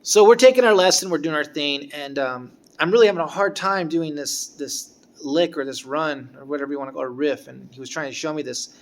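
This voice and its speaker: A man telling a casual personal story about a former guitar teacher, halting and restarting as he goes. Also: fairly high pitch. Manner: rambling, halting, with frequent restarts.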